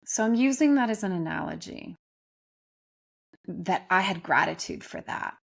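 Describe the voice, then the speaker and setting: Gentle, earnest woman giving a spiritual talk. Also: lowish voice, expressive, moderate pace, gravelly. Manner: gentle, earnest, emphatic, with frequent restarts. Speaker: spiritual teacher. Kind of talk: reflective spoken talk.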